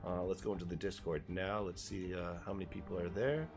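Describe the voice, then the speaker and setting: A man's voice: low voice, flat delivery, a little fast, music in the background. A man commentating a sim racing league and interviewing drivers, casual, laughing and swearing freely, at a home streaming setup.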